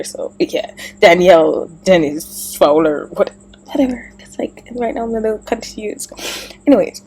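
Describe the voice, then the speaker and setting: Rambling soft-spoken woman vlogging. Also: on the low side, moderate pace, vocal fry, breathy edge, rough recording. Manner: rambling, thinking aloud. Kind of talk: casual confessional vlog.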